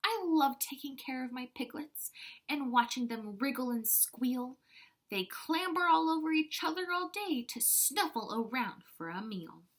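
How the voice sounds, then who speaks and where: A woman's voice: sits high, expressive, measured pace, a bit bright, voice pushed up, full character voice. A woman voicing a doting mother pig in a storybook read-aloud, fond and cheerful.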